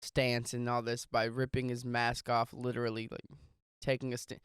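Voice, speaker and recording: A man co-hosting a casual podcast, joking and animated, laughing easily. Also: mid-range voice, moderate pace, smooth, no echo, studio quality. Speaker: podcast co-host. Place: home studio.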